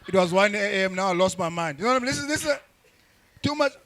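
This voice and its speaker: A young man doing crude, rambling stand-up comedy with frequent restarts and shouted bursts. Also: sits high, expressive, fast, background noise. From South Africa.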